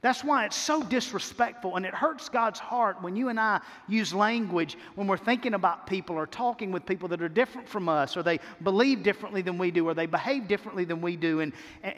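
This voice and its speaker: High-voiced pastor preaching in a hall. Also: male voice, fairly bright tone. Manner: emphatic preaching with repeated phrases and slowed key words. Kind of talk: sermon. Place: church sanctuary. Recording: long reverb of a church hall.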